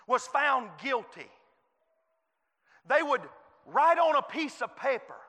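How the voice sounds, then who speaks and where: Guest preacher, man, very high bright voice, fervent delivery in a reverberant church. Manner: fervent, swings from soft to shouted. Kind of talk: sermon. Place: church sanctuary.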